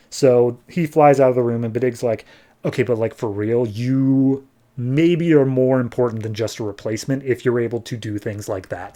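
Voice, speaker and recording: A man hosting a podcast, casually recapping a comic book issue and tossing in quick playful voices for the characters. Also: medium pitch, warm tone. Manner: retells scenes with quick playful quoted voices. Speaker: podcast host.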